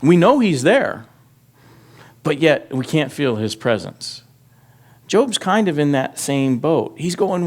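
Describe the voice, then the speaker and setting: A pastor with a fairly high male voice delivers an expository sermon slowly, with long pauses and large pitch swings. He reads scripture aloud, his intensity rising as he voices the text's laments, and speaks plainly to the congregation.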